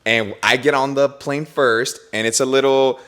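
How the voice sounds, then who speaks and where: Young male podcast host, casual storyteller, animated and slangy, mid-pitched voice. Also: moderate pace, smooth. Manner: animated, slangy, says bro and dude a lot.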